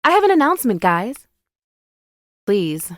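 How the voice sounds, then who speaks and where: Woman putting on an excited young gal with a bright, bubbly voice, sounding close and dry. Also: mid-range voice, measured pace, no room sound, pitched above the performer's own voice. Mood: eager. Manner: bubbly and eager. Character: excited young woman friend planning a party.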